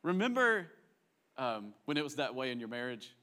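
A man preaching as a pastor, animated and acting out the people in the story, sometimes dropping to a soft, reflective tone. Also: mid-range voice, normal speed, clear, resonant tone. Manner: drops to soft, quiet tones when reflective. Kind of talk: sermon.

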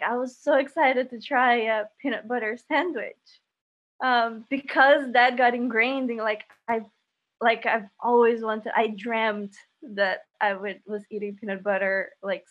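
A woman from Brazil, chatting casually with many fillers. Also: on the high side. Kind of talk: casual chat. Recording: dull lo-fi sound.

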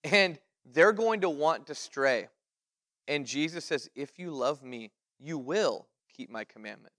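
A man's voice: on the high side, animated, unhurried, fairly bright tone, long reverb tail. A man leading a Bible study, teaching in a folksy, conversational way with family stories and quoted dialogue.

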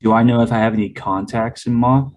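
A man's voice: mid-range voice, fairly even intonation, fairly quick, darkish tone, far from the mic. Man playing a tabletop game, plain voice. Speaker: player. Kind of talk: tabletop role-play banter.

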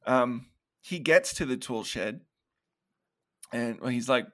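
Speaking slowly at a medium pitch, a man co-hosting a podcast walks through a horror movie's scenes, throwing in put-on quotes and laughs as part of a casual review.

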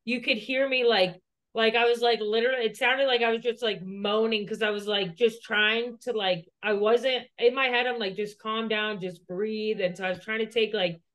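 A woman's voice: a little high, steady tone, moderate pace, fairly bright tone. A woman co-hosting a podcast, telling a personal story in a rambling, profane way, full of "like". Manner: profane, rambling, heavy use of "like". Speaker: podcast co-host.

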